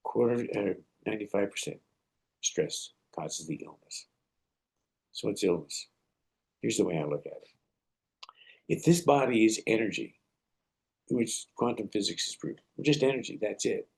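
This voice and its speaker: A man's voice: fairly low pitch, normal speed, vocal fry, long pauses, breathy edge. A man hosting a motivational podcast, telling stories and giving earnest, preacherly advice. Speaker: podcast host and martial arts teacher.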